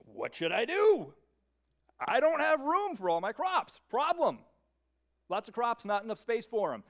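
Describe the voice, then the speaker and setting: A man voicing a boastful rich farmer who talks to himself excitedly and calls himself his friend. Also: very high voice, a little slow, voice pushed up, heavily acted. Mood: fretful. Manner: excited, self-satisfied.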